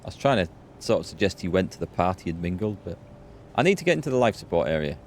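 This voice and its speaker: A man's voice: deep voice, big pitch swings, quick pace, a little mellow, a little hiss or hum. A man hosting a let's play, chatting and laughing through his commentary. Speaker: gaming video host.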